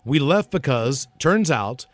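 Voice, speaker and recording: An energetic male podcast co-host who tells stories in a casual way and often trips over and repeats his words. His pitch jumps around a lot. The voice sounds dry and close to the mic. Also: slow pace, no room sound. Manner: energetic, stumbles and repeats words when excited. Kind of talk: casual storytelling chat.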